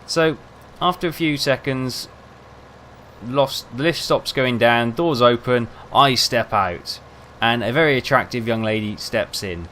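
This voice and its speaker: A man's voice: medium pitch, unhurried, fairly bright tone, a little hiss or hum. A young man rambling casually, telling self-mocking stories over gameplay. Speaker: gaming video host.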